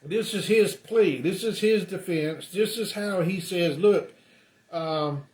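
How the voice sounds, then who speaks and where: A man's voice: high voice, a little slow, darkish tone. A man preaching a sermon, telling the story in a loose conversational way with lots of ums and uhs. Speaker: pastor. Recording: roomy echo.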